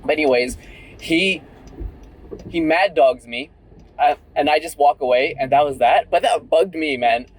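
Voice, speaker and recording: A man's voice: a little high, measured pace, no room sound, low-quality recording. A young man talking candidly in a casual vlog while driving, full of "like" and "right?". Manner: chatty and candid, many fillers like "like" and "right?". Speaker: vlogger.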